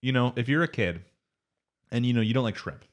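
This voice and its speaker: A man's voice: mid-range voice, expressive, a little fast. A man co-hosting an anime podcast, recapping episodes in a loose, rambling way and quoting characters in his own voice. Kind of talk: casual chat.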